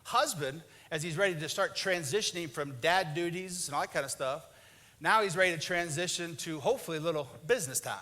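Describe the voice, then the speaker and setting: A male pastor preaches with animated storytelling. He often drops into quieter, lower voices to act out a husband and wife. His voice sits high and sounds bright. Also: a little fast. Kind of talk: sermon with acted-out marriage stories.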